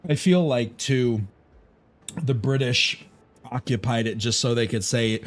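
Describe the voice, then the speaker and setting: An American man with a medium-pitched, animated voice streams a game at a measured pace. He muses aloud casually and rambles, using many fillers and some swearing as he chats live while playing.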